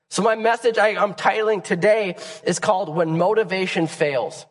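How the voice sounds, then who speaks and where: A young man preaching a sermon on a church stage, his voice raspy and hoarse from a cold. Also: high-pitched. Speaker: pastor. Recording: long church hall reverb.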